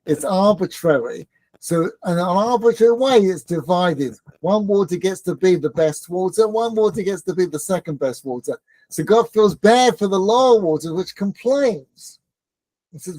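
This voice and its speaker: A man's voice: sits high, lively intonation, normal speed, a little mellow, no echo. A man teaching a Torah class in a conversational, joking way, often asking his listeners questions. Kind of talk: informal Torah lesson with banter.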